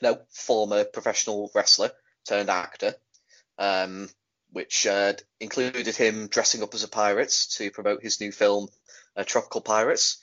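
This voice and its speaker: A man's voice: lowish voice, steady tone, normal speed, fairly bright tone. A man hosting a casual chat show and recapping a wrestling show at length, rambling with many fillers and laughing easily. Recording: dull lo-fi audio.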